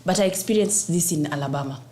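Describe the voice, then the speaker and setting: Woman panelist, a bit low-pitched, tells her own stories with emphatic, lively delivery. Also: fast talker. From Africa. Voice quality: animated personal storytelling. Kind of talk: casual panel discussion.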